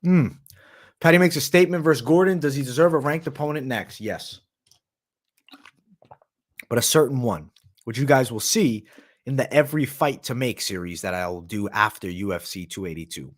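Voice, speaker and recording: A man's voice: medium pitch, normal speed. A man hosting a live MMA stream, reading viewer comments aloud and talking loosely with slang and swearing, sometimes with his mouth full. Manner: talks while eating. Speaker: MMA analyst and livestream host. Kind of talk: casual livestream chat.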